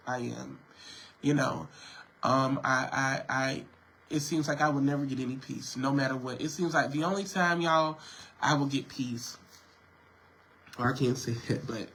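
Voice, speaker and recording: A man's voice: medium pitch, bright, forceful tone, rough recording. A sick man, venting to his viewers on a livestream from home and coughing. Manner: emotional, repetitive, addresses viewers as y'all. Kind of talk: casual livestream talk.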